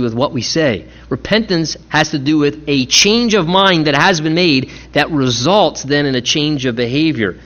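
A man preaching a sermon, earnest and emphatic, repeating key phrases and slowing down to stress words. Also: fairly high pitch, a bit bright. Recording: muffled lo-fi recording.

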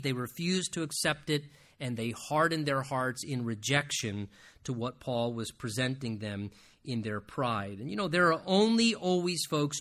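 A man's voice: a little high, sharp tone. A middle-aged man, a pastor, preaching a sermon and reading scripture aloud with earnest emphasis.

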